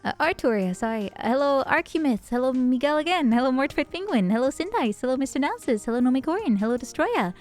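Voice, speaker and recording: Bubbly higher-voiced woman streamer. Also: expressive, fast, few pauses, darkish tone. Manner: bubbly, laughs often, greets chat by name. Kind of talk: casual livestream chat.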